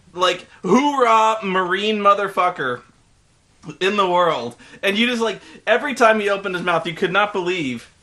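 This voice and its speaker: A man co-hosting a casual movie review chat, animated, profane and sarcastic. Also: high voice. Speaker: co-host.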